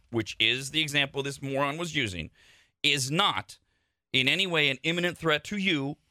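A man's voice: a little high, pushed and bright, dry recording. A man hosting a talk radio show, explaining things bluntly and with opinion, on a studio microphone.

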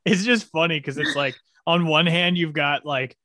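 A man's voice: fairly high pitch, normal speed, bright, forceful tone, no room sound, clean studio sound. A man who is a podcast guest, talking casually in an easygoing, reflective way. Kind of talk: casual chat.

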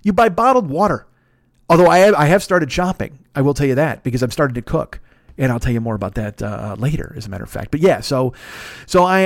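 A man hosting his own podcast, telling rambling, profane stories in a deep radio-style voice and acting out the people in them. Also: no room sound, clean studio sound. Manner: profane, rambling storyteller who acts out other people's voices. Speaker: podcast host. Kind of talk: casual solo monologue.

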